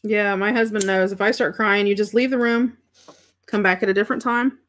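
A woman's voice: mid-range voice, steady tone, fairly quick, a bit bright. A middle-aged woman hosting a crafting livestream, thinking aloud as she works and chatting with viewers about their comments. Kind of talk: casual craft demonstration chat.

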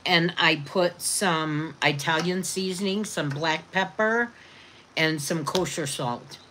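A woman's voice: lowish voice, slow, a bit bright, slight background noise. A woman hosting a casual livestream, chatting affectionately with viewers and explaining a recipe. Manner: affectionate, reads viewer comments aloud. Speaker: livestream host.

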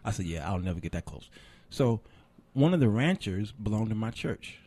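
A man, a preacher hosting a talk show, telling a lively story and laughing often. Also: lowish voice, normal speed, breathy edge. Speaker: host and preacher.

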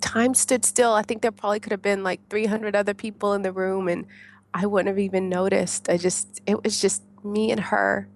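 A US woman, a guest on a podcast, relates her story at normal speed in a medium-pitched voice. Her delivery is loose and spirited, full of laughs and acted-out versions of what she once yelled.

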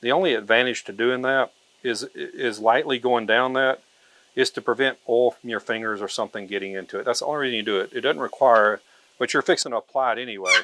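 A man's voice: medium pitch, fast, fairly bright tone, a little hiss or hum. A man giving a hands-on tutorial, talking in a folksy, practical way and often repeating himself. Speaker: turkey call maker demonstrating.

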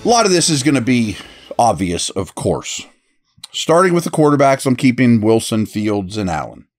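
A man's voice: mid-range voice, sing-song, normal speed, faint music behind. A man hosting a solo football analysis podcast, talking through his roster picks in a casual, conversational way, thinking aloud as he goes. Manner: upbeat read of a sponsor ad. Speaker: podcast host and football scout.

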